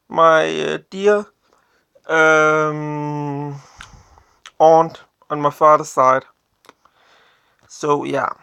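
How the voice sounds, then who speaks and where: A vlogger from Denmark with a Danish accent, telling personal stories in a halting way, often searching for English words, blunt and complaining. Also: medium pitch, fairly bright tone, smooth, no echo. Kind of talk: casual personal storytelling to camera.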